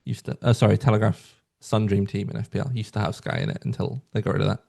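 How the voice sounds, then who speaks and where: A man guesting on a podcast, talking in a casual, animated and self-deprecating way. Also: fairly low pitch, fast talker, gravelly.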